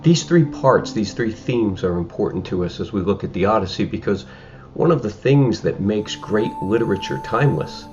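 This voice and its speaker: A man teaching a high school English lesson in a recorded remote class, explaining in a conversational way with frequent fillers.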